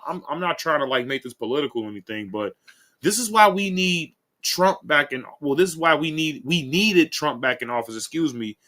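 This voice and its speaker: A man hosts a casual commentary video, talking in a rambling way full of "um" and "guys." His voice sits a little high and swings widely, with a bright, forceful edge. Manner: rambling, keeps saying guys and um. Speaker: commentary channel host.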